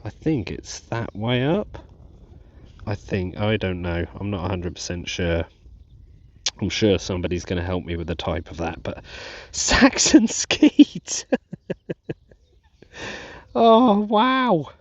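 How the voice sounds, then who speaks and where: Lowish guy detecting in a field, all excited and laughing, muffled lo-fi audio. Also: moderate pace, long pauses, dry recording. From England. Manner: breathless, giddy, laughing, talks to viewers. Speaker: metal detecting vlogger. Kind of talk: excited live-dig narration. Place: outdoors in a field.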